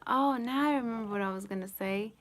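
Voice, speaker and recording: A woman's voice: fairly high pitch, fast talker. A woman hosting a casual live Q&A from home, rambling with lots of "like" and "you know" and giggling often. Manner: giggles often while talking. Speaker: live-stream host answering chat questions.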